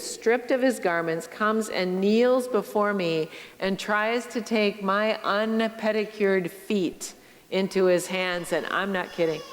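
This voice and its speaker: A middle-aged woman pastor giving a sermon, telling stories slowly and reflectively and speaking straight to her congregation. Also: mid-range voice. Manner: slow, reflective storytelling with direct address to the congregation. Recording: long church reverb.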